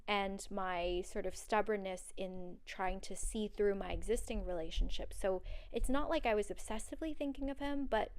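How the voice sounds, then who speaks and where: A woman's voice: mid-range voice, darkish tone, clean tone. A woman hosting a solo podcast, talking in an earnest, personal and rambling way with many fillers. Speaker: podcast host. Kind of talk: solo podcast monologue on dreams.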